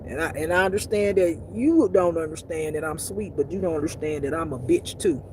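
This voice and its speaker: A woman's voice: low voice, fairly quick, a little mellow, slight background noise. A woman giving blunt, profane, emphatic spiritual life advice in a casual talk.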